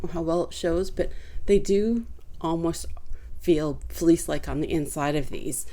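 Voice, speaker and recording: A woman with a notably low voice talks casually through a review of things she bought. She rambles in a relaxed, chatty way, with plenty of fillers and restarts. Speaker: vlogger reviewing purchases.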